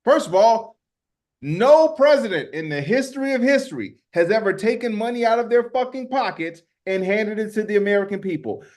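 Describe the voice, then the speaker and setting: A man's voice: sits high, animated, a little fast, darkish tone. A man co-hosting a podcast, delivering heated, profane political commentary and repeating words as he gets worked up. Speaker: podcast co-host.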